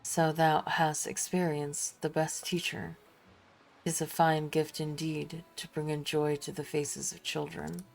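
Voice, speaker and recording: A woman voicing a solemn huntress who speaks in formal, old-fashioned phrases, measured and quiet. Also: sits low, level tone, gravelly, full character voice. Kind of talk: reading game dialogue aloud.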